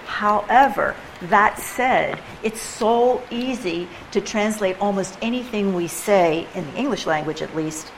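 A woman's voice: mid-range voice, measured pace, creaky, few pauses, a little hiss or hum, rough recording. A woman leading a poetry workshop for a group, talking in a chatty, playful way and tapping out rhythms with her voice. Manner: chatty, animated, playful, mimics rhythms aloud. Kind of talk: informal teaching to a group. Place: room with a live group.

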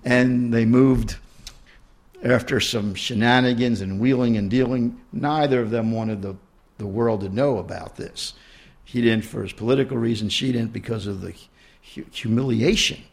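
A man's voice: medium pitch, moderate pace, gravelly, slightly rough. A man, an author, introducing and reading a passage from his book to an audience in a conversational way.

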